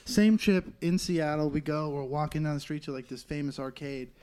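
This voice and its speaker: A young comedian spinning a crude anecdote in a loose podcast chat, his voice sitting a touch higher than most men's. He rattles through the story with profane energy and bursts into loud, shouted voices when he quotes people. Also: normal speed, smooth. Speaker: comedian guest.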